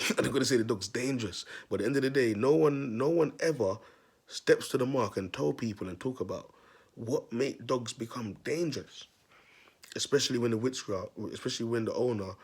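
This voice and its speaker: With a medium-pitched, husky voice and a darkish tone, a self-proclaimed prophet vlogger delivers a rambling storytelling monologue in street slang. He repeats himself and speaks to his viewers as people.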